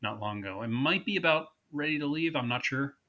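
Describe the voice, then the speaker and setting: A man co-hosting a podcast in casual chat, animated and quick to act out movie lines in put-on voices. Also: mid-range voice, lo-fi sound. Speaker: podcast co-host.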